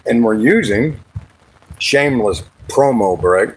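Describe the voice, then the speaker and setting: A man hosting a casual livestream while fishing, rambling and joking, now and then jumping into high sing-song bits. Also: very animated, normal speed, a little hiss or hum, low-quality recording. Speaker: livestream host. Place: outdoors by the water, fishing.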